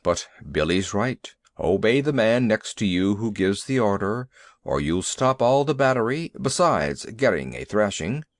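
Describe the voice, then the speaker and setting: A man's voice: lowish voice, expressive, a little slow, no echo, studio quality. A man voicing a nervous, bumbling male army elephant who blusters and frets easily. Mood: ponderous. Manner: fussy, blustering, easily frightened.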